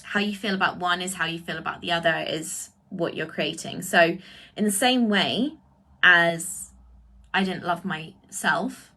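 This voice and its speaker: Bright-voiced woman on a livestream. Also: on the low side. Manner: effusive, drawn-out exclamations. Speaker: spiritual coach. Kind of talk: livestream talk answering comments. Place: indoors, live video stream.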